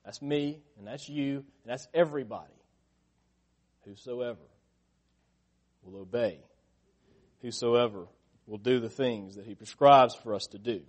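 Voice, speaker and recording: A middle-aged man preaching a sermon, asking the listeners questions and getting louder and higher when he stresses a point. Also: normal speed, long pauses.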